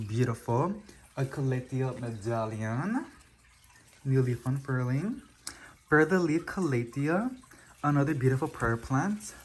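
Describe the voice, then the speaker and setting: Filmed on a handheld camera at home, a houseplant channel host casually shows off the plants in the living room, exclaiming often and gushing. The voice sits at medium pitch, with slight background noise.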